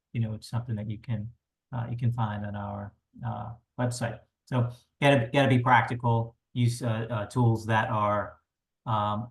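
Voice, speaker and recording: A man hosting a webinar, giving advice in a relaxed way that leans on "you know" and "right?". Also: lowish voice. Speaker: webinar host. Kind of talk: casual webinar presentation.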